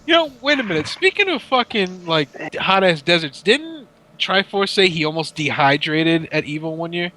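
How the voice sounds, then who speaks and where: Bright-voiced man telling animated stories. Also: high voice, normal speed, hardly any pauses. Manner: animated, profane storytelling. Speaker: podcast co-host. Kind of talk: casual gaming podcast banter.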